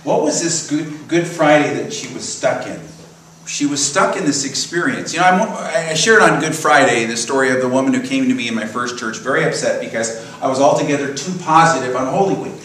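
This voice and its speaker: A man's voice: mid-range voice, fairly quick, fairly bright tone, slight background noise. Male minister preaching in an echoey church. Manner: conversational storytelling with chuckles. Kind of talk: sermon. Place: church sanctuary. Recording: roomy echo, from far off, faint ambience.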